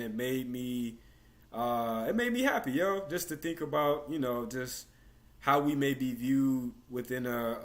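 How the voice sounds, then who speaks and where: A man hosting a casual conversation on a video call, talking in a relaxed, slangy way as he asks his guests questions. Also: mid-range voice. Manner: relaxed, slangy, many fillers and restarts. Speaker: host.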